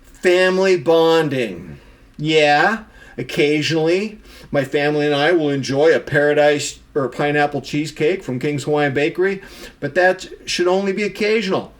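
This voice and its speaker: Emphatic middle-aged man scolding himself. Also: moderate pace. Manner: emphatic, scolds himself by name in sudden pitch swings. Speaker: vlogger. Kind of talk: self-critical monologue to camera.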